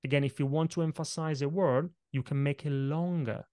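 A man who is not a native English speaker, a presentation coach guesting on a podcast, talking with lively, shifting emphasis. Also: on the high side, brisk, dry recording, studio quality. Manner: energetic, varied emphasis, punches and stretches words. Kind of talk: podcast interview, explaining tips.

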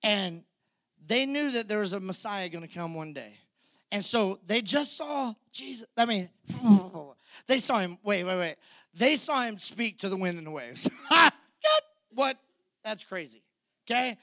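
Male pastor, higher voice, dry close sound, vivid storytelling sermon with congregation call-outs. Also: animated, unhurried, sharp tone, dry recording.

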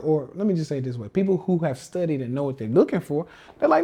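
Guy ranting on a live podcast, kinda husky, a bit high-pitched, repeats stuff for emphasis. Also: very animated, quick pace, warm tone. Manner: slangy, emphatic, repeats himself. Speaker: podcast host and trading coach. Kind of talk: casual livestream rant.

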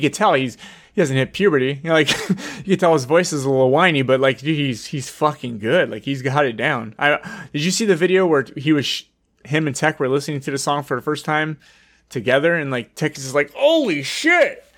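A man co-hosting a podcast in casual chat, excitable and laughing often, swearing a lot. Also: on the high side, fairly quick. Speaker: podcast co-host.

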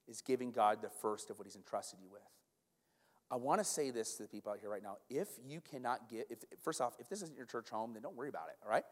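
Animated pastor in an echoing hall. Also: male voice, medium pitch, fast. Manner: animated, stumbling restarts and repeated words. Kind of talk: sermon. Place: church sanctuary. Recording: long church hall reverb.

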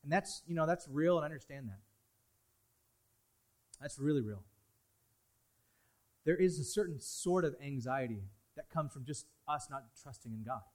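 High-voiced preacher with dramatic swings. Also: male voice, animated, moderate pace, pauses often. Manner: dynamic preaching, swinging between loud emphasis and hushed asides. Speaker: pastor. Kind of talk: sermon.

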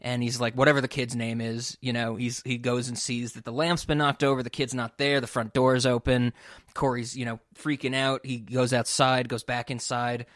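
A man casually recapping a movie plot on a podcast, animated, swearing freely. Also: medium pitch, moderate pace, no echo, clean studio sound. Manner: animated storyteller, acts out quotes, swears freely. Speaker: podcast co-host.

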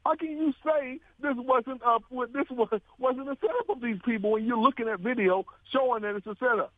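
A man's voice: extremely high pitch, fairly even intonation, fairly quick, dry recording. A man chatting on a political talk radio show, emphatic, laughing often and asking rhetorical questions. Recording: dry tinny phone-like radio sound.

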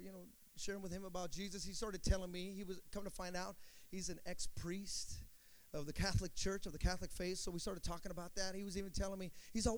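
A man's voice: high voice, steady tone. A middle-aged man preaching a sermon as pastor, calling for amens and stretching out words for emphasis. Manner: call-and-response preaching, drawn-out emphatic words.

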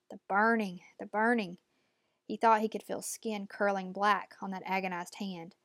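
A woman narrating an audiobook in a measured, tense storytelling manner. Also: mid-range voice, no echo.

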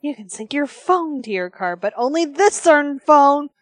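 A woman's voice: high voice, lively intonation, moderate pace. A woman in casual chat who sounds amused and chimes in with short quips. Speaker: co-host.

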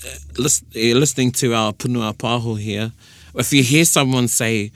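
A medium-pitched man with a New Zealand accent, speaking at normal speed, hosts a casual radio chat that teaches Māori. He explains patiently, with frequent restarts and fillers, and the recording has no echo.

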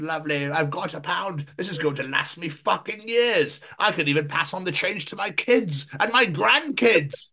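A man's voice: high voice, animated, normal speed, few pauses, bright, forceful tone. A man co-hosting a podcast, joking in a rambling, sweary, silly way. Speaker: podcast co-host. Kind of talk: casual comedic chat.

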